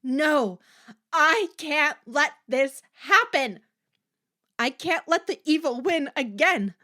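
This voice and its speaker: A woman voicing a frightened teenage girl with shrill, desperate cries. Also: lively intonation, slow pace, bright, forceful tone, exaggerated voice.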